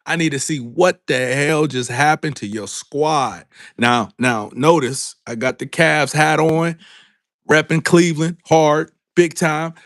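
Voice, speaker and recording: A man hosting a live sports talk stream, calling out to his viewers and repeating himself in a drawn-out way. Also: fairly high pitch, a bit bright, no echo, clean studio sound. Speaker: sports talk show host. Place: home studio with a green background.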